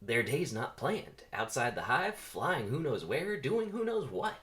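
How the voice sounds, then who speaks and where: A man's voice: mid-range voice, very animated, a little slow, fairly bright tone. A man voicing a questioning, incredulous young male bee.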